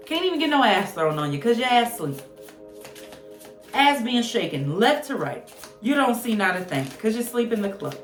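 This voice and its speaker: A woman reads tarot in a loose, joking way, blunt and full of slang and swearing. Her voice sits at an ordinary pitch and rings a little in a roomy space. Soft music plays faintly underneath. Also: big pitch swings, normal speed. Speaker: tarot reader. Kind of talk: casual channeled tarot reading.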